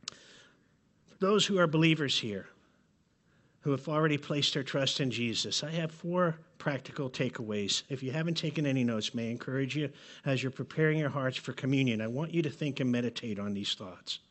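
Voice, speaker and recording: A man preaching a sermon to his congregation, earnest and pleading, often letting his phrases drop to a soft close. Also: medium pitch. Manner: earnest, pleading, with dramatic drops in volume at phrase ends. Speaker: pastor. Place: church sanctuary.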